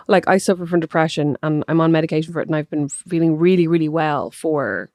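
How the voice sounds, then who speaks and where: Irish woman, 30s, podcast co-host, quick and chatty, low-ish voice, dry close sound. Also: darkish tone, dry recording. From Ireland. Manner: chatty, self-deprecating, laughs often. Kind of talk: casual chat.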